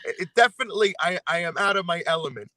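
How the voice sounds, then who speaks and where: A man's voice: sits high, animated, fast talker, pushed and bright, dry recording. A man from New York with a New York accent, chatting as a singer guest and telling stories with many fillers and restarts. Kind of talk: casual chat.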